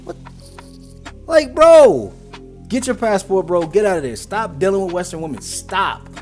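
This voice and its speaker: Man, reaction host, casual commentary, heated slangy rant, fairly high voice, faint music behind. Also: sing-song, a little slow, darkish tone. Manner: heated ranting with street slang.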